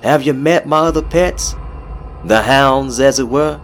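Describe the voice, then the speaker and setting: A man's voice: medium pitch, a little slow, pitched above the performer's own voice, natural voice. A man voicing a sly, menacing male monster caretaker with a mock-genteel manner, over background music. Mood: sly menace. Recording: music playing underneath.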